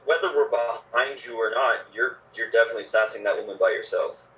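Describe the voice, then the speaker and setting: A man's voice: medium pitch, fairly quick, bright, forceful tone, lo-fi sound. A man chatting dryly as a player in a tabletop game.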